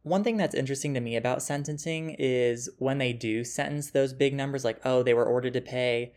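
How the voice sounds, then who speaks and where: A man's voice: medium pitch, brisk, darkish tone. A man hosting a true crime podcast, telling the story in a casual, conversational way, thinking aloud with asides and restarts. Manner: reads quotes from news articles.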